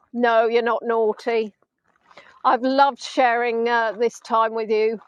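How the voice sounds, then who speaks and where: A middle-aged woman from Hampshire with a southern English accent, chatting warmly with viewers while leading a live virtual tour outdoors on a beach. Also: a little high, level tone, slow, no echo, lo-fi sound. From England (Hampshire). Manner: chatty, affectionate, answering viewers' comments.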